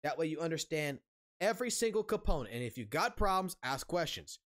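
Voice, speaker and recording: A man's voice: a little high, sing-song, brisk, a bit bright. A man streaming a casual rant, angry and heavily profane, blunt, repeating himself for emphasis.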